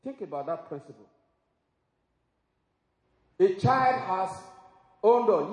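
Male preacher, somewhat high voice, emphatic sermon delivery, roomy hall reverb. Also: animated, slow pace, pauses often. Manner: emphatic preaching with exclamations and laughs. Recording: echoey hall with long reverb.

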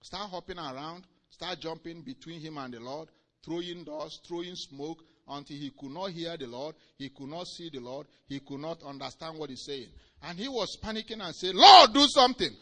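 A male preacher delivering a sermon with emphatic swings between loud declarations and quiet asides. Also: a little high, normal speed.

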